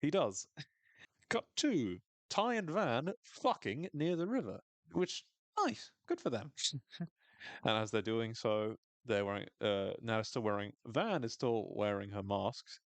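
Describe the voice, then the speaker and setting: A man hosting a podcast recaps a TV episode in casual chat, swearing freely and doing funny voices for the characters' lines. His medium-pitched voice is sing-song and slow, captured on a dry recording.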